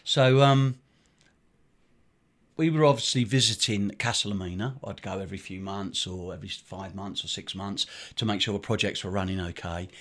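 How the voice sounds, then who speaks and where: A man's voice: low voice, moderate pace, fairly bright tone. Man telling a story, full of ums. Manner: rambling with many fillers and restarts. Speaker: charity director, interview guest. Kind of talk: conversational storytelling.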